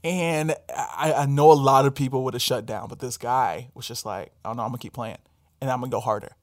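A man co-hosting a casual faith-based podcast, his voice mid-pitched and very dry, with no room sound around it. He talks in a loose, reflective way, circling back and restarting as he works through a thought. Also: brisk, dry recording. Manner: reflective, loose and rambling with fillers. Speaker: podcast co-host and character coach.

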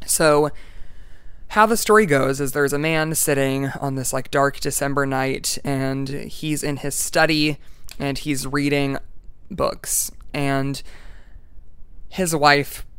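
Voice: mid-range voice, fairly even intonation, slow, fairly bright tone, clean tone, dry recording. A young adult student giving a casual class presentation and reading a poem aloud, chatty and full of "like" and "um".

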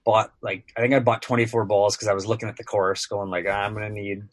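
A man's voice: lowish voice, fairly even intonation, fast talker, breathy edge, dry recording. Chatty man telling a rambling story. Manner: rambling, many filler words. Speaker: guest, sports broadcaster. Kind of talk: casual podcast storytelling.

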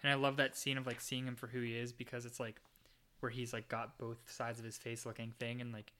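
Bright-voiced man chatting eagerly. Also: mid-range voice, flat delivery, a little fast. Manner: enthusiastic, heavy use of "like". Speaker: podcast co-host. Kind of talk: casual chat.

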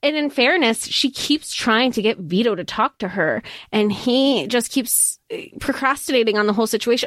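A woman's voice: on the high side, a little fast, hardly any pauses, a bit bright, no echo, clean studio sound. A woman co-hosting a podcast, chatting casually about books in a rambling way with many restarts. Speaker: podcast co-host. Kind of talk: casual book discussion.

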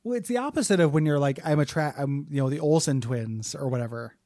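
Casting: male podcast co-host, slightly raised pitch, dry close sound, joking and loose. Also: mellow, no echo. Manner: joking, drops into a slow low put-on voice. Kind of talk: casual comedic chat.

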